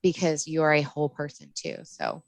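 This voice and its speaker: A middle-aged woman, a postpartum doula, talking in a casual podcast interview, passionate and animated, laughing often. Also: deep voice, moderate pace, creaky, no echo. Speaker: postpartum doula and lactation counselor.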